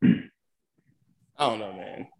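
A man's voice: on the low side, takes it slowly, creaky. A man co-hosting a podcast, blunt and profane in casual chat. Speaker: podcast co-host.

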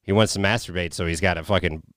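Low-voiced laughing podcast man. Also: steady tone, fast, a bit bright, dry recording, clean studio sound. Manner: laughs often, crude jokes, loose storytelling. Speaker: podcast co-host. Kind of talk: casual podcast chat.

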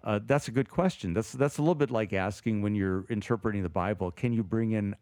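A man co-hosting a casual theology talk show, animated and thinking aloud with frequent restarts. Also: lowish voice, fairly quick, no echo. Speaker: podcast co-host, theologian.

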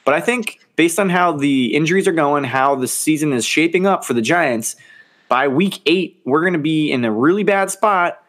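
A man co-hosting a sports podcast in casual, animated chat, laughing often and swearing now and then. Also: fairly high pitch, normal speed. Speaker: podcast co-host.

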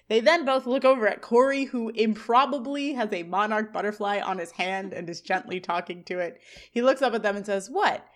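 A woman co-hosting a podcast, recapping a TV episode scene by scene and reading quoted lines in a flat voice. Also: medium pitch, brisk. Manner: recounts scenes, quoting lines in a flat read. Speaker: podcast co-host. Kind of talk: casual recap chat.

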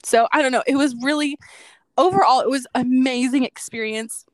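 A young woman tells a personal story while co-hosting a podcast, keeping it casual, chatty and reflective and using "like" over and over. Her voice sits high, she speaks at a moderate pace, and the recording is dry.

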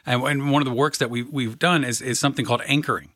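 A man's voice: mid-range voice, fairly even intonation, fast talker, fairly bright tone, dry recording, studio quality. A man, a podcast co-host and mindset coach, explaining ideas earnestly and stacking phrases for emphasis, often checking in with "right?". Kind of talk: motivational coaching talk.

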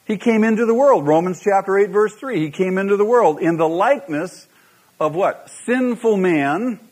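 Pastor guy preaching, pretty high voice, punchy, keeps repeating himself and tossing questions at the crowd. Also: lively intonation, moderate pace, a little mellow, breathy edge. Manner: emphatic, repeats key phrases, asks the congregation rhetorical questions. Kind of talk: sermon.

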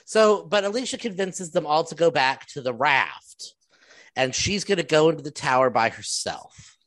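A podcast co-host in the middle of a casual episode recap, with a pitch that jumps around a lot. The delivery is sarcastic and storytelling, full of acted-out quotes. The voice sits at a middling pitch. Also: lively intonation, normal speed, a bit bright, dry recording.

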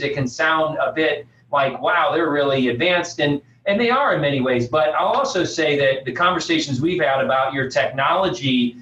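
A man's voice: on the high side, a bit bright. A man moderates a panel, encouraging the speakers and leaning on plenty of fillers. He sits away from the mic, so his voice sounds dull and roomy, with a faint hiss behind it. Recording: distant dull echoey audio with faint hiss.

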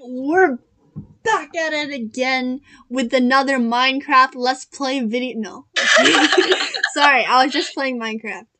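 Giggly high-voiced girl co-hosting a podcast. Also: unhurried, bright, forceful tone. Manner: giggly, rambling, lots of fillers. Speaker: podcast co-host. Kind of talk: casual chat.

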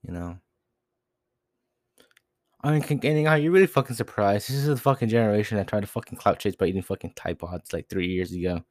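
A young man rants on his own podcast, swearing constantly and rambling from one grievance to the next. His voice sits fairly low and the sound is dry and close, with no room around it. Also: fairly quick, a little mellow, no echo. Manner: profane, agitated, rambling with frequent "dude". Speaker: podcast host. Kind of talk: solo rant.

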